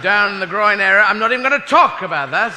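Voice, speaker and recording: A man's voice: high voice, animated, fast. Casting: male comic, rambling and flustered, long hall reverb, noise behind. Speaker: stand-up comedian. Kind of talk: stand-up set.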